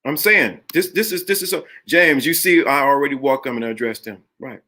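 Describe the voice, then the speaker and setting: A man's voice: medium pitch, fairly quick, few pauses, pushed and bright. A middle-aged man hosting a live motivational talk to viewers, preachy and emphatic, and he repeats lines to drive his point home. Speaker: live stream host.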